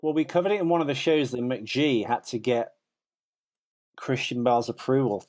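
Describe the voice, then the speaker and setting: A man's voice: mid-range voice, normal speed, a little mellow. Musing man podcast co-host. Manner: musing, hedging, trails off with "I don't know". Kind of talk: casual podcast chat.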